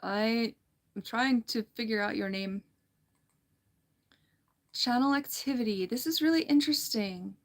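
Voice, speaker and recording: A woman's voice: a little high, measured pace, long pauses. A woman hosting a casual livestream, reading viewer comments aloud in a chatty, giggly way and often restarting her sentences. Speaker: livestream host.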